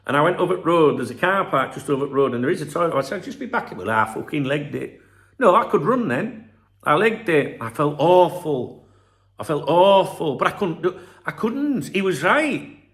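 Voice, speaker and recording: A man's voice: on the high side, a bit bright. A middle-aged man, rambling through a profane, casual vlog monologue and telling stories with asides. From England, Scarborough. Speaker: football channel host.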